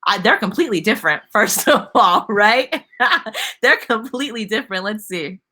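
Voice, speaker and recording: A woman teaching a live online singing class, upbeat and quick to laugh, stopping to sing demonstration notes. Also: mid-range voice, lively intonation, pushed and bright.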